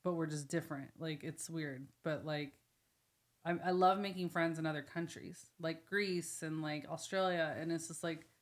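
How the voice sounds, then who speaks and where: A woman's voice: deep voice, steady tone, moderate pace. A woman from the United States hosting a podcast in loose, chatty talk and laughing easily. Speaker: podcast host. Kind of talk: casual chat.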